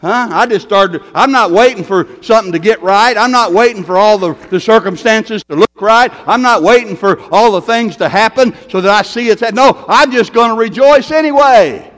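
A man with a high voice preaches a sermon from the pulpit, repeating his lines and dropping from loud calls to near-hushed asides. His voice rings out in the long reverb of a large church hall. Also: moderate pace, hardly any pauses. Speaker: pastor. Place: church sanctuary.

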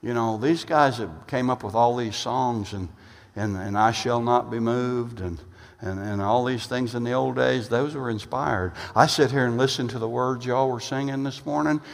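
A male pastor preaching a sermon, emphatic, swinging from loud bursts to low asides and repeating phrases as he builds. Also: steady tone, moderate pace, gravelly. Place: church sanctuary. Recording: long reverb of a church hall.

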